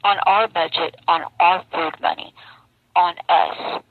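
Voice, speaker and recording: A woman speaking slowly and wearily, close to tears, her mouth sore from missing teeth, talking in a live video from prison. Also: on the low side, big pitch swings, creaky, no echo. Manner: slow, weary, close to tears. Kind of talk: emotional live video testimony. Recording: dull lo-fi phone video with faint noise.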